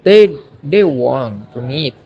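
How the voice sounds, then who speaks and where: A man's voice: medium pitch, expressive, slow, dull audio. A young man, a university student from Indonesia, reads a phonology lesson aloud, carefully saying each example word two or three times. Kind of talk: reading a recorded phonology lesson.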